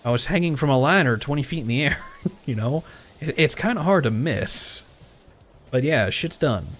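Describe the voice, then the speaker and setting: A man's voice: mid-range voice, normal speed. A man streaming live, casually telling a story full of quoted back-and-forth, with frequent swearing and chuckles. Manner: animated retelling with quoted dialogue, swearing, chuckles. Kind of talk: casual storytelling while gaming.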